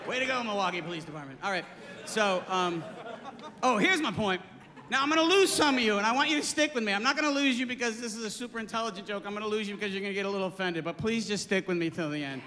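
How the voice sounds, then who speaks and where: Performing stand-up before a live audience, a man with a high-pitched voice talks quickly and breaks into erratic, yelping outbursts. The sound is that of a live hall with audience noise.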